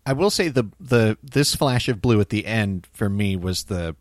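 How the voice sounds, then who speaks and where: Low-voiced thoughtful man, hesitant. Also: lively intonation, normal speed, no room sound, studio quality. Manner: thoughtful, hesitant, lots of fillers. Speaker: podcast co-host. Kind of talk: casual film commentary.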